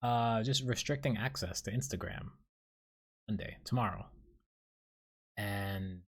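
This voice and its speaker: A young man talks through a casual solo podcast, his voice sitting on the low side. He rambles and swears freely, often poking fun at himself mid-story. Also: a little slow, breathy edge. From New York City. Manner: rambling, profane, self-deprecating storytelling. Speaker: podcast host.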